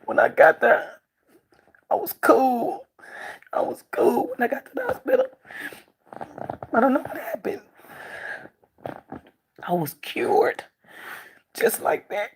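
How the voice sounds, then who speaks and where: A woman vlogger telling a personal story to camera, emotional and repeating her phrases, her voice climbing high when upset. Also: huge pitch swings, slow pace, long pauses, a little hiss or hum.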